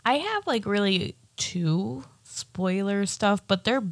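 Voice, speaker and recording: A woman co-hosting a podcast, chatting casually about a movie she just saw, relaxed and rambling with many fillers. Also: medium pitch, slow, dry recording, clean studio sound. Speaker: podcast co-host. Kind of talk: casual movie review chat.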